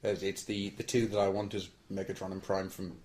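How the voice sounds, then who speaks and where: A man's voice: sits low, level tone, fairly quick, a little mellow. A man co-hosting a podcast in laid-back casual chat, steering things with questions. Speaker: podcast co-host.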